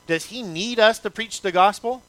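A man's voice: high voice, normal speed, a bit bright. Emphatic male pastor preaching. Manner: emphatic, repetitive, asks the congregation many rhetorical questions. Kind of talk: sermon.

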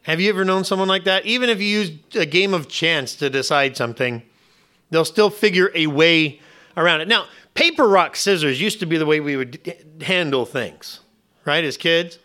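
A man's voice: fairly high pitch, lively intonation, normal speed, sharp tone. A middle-aged man preaching a sermon in a conversational way, asking the audience rhetorical questions and acting out little scenes. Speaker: pastor.

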